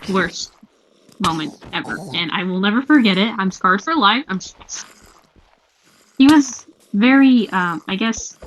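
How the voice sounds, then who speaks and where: A young woman hosting a casual gaming chat, telling a story in an animated, giggly way. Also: medium pitch, unhurried, slight background noise. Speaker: host. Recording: lo-fi muffled mic.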